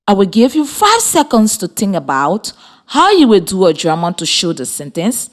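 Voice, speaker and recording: A woman, giving a scripted radio lesson for children in slow, deliberate, encouraging instructions. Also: mid-range voice, huge pitch swings. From Liberia. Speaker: radio teacher.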